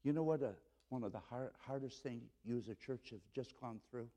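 A middle-aged man preaching a sermon as pastor, telling a story and swinging between loud exclaiming and low earnest tones. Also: a little fast. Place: church.

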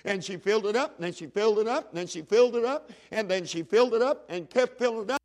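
A man delivers a sermon, in a fairly high voice. He tells the story in a folksy, conversational way and acts out the characters' lines. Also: a little mellow. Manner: folksy, plays the story's characters in quick dialogue. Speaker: preacher.

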